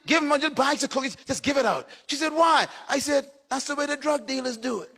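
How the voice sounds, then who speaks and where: A man's voice: very high-pitched, brisk, gravelly, pushed and bright, in a large hall. A man preaching a sermon as a pastor, delivering short punchy phrases and telling stories to his congregation.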